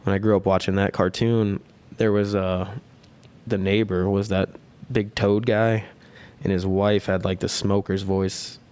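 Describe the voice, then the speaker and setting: Male podcast host in his thirties, slightly low voice, crude and self-mocking, casual solo rambling. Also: flat delivery, measured pace, a little mellow, clean tone.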